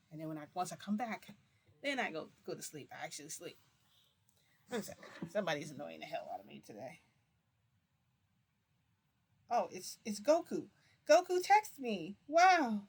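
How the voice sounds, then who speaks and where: A woman's voice: on the low side, husky. A woman vlogger telling a story in a casual, chatty monologue with lots of fillers and mild swearing.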